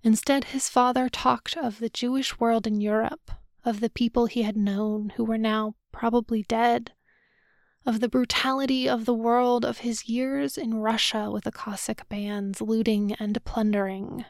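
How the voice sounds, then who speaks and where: A woman narrates a novel in the first person with a measured, solemn delivery. Her fairly high voice has a gravelly texture and stays flat, moving slowly. The recording is dry and close. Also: no room sound. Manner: measured, subdued, solemn reading. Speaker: audiobook narrator.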